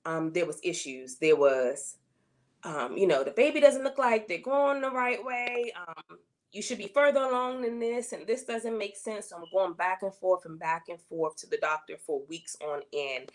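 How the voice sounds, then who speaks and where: Woman guest, faith testimony, earnest, emotional, repeats herself for emphasis. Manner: earnest, emotional storytelling with repetition; rises in pitch when voicing her complaints to God. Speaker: interview guest.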